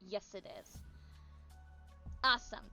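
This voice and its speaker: A woman's voice: takes it slowly, bright, forceful tone, soft background music. A woman chatting casually on a stream as a VTuber, bubbly and chatty but tired and yawning.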